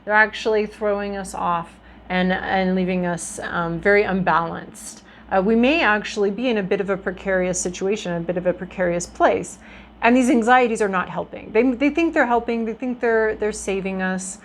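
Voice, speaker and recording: A woman's voice: mid-range voice, moderate pace, slight background noise, rough recording. A woman giving a casual tarot reading to her viewers, talking in a chatty, reflective way with frequent ums and restarts. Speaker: tarot reader.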